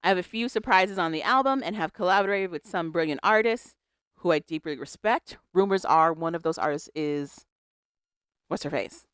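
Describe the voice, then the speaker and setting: A podcast co-host chatting casually about celebrity news, stopping to read a statement aloud and dropping wry comments along the way. The voice sits at a middling pitch and is picked up on a close mic in a dead, dry room. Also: expressive, moderate pace, fairly bright tone, clean tone, no echo. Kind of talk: casual pop-culture chat.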